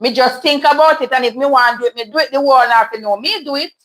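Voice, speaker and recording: A woman's voice: high-pitched, fast, a bit bright, rough recording. Chatty woman hosting a live chat. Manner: candid, chatty, laughs often. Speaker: livestream host reading chat. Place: home in Toronto.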